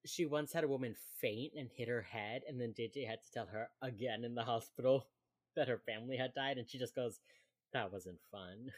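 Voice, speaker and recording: Young woman podcast co-host, very deep voice, casual chatty recap delivery, laughs a lot. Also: steady tone, brisk, darkish tone. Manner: chatty, laughs often, acts out quoted lines. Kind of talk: casual chat.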